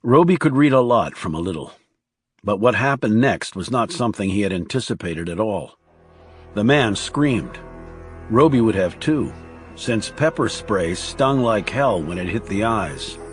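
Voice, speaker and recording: A man reading a crime thriller audiobook aloud in a low, hushed storytelling delivery. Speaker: audiobook narrator. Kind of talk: scripted narration.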